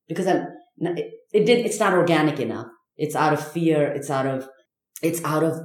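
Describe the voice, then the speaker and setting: A woman speaking candidly as a podcast guest, halting and searching, with many fillers and restarts. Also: deep voice, darkish tone, roomy sound. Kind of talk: candid personal conversation.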